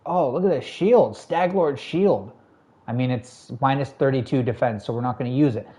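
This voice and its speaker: A man talking casually on a live game stream at an everyday middle pitch. He is chatty and easygoing, greets viewers and answers their messages, and laughs often as he goes. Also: normal speed, dark tone. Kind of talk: casual live-stream chat while gaming.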